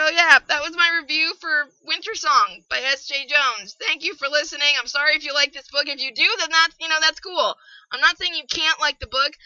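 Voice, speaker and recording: A woman's voice: high voice, bright, forceful tone, no echo, lo-fi sound. A woman giving a casual podcast book review, exasperated and ranting, swearing freely.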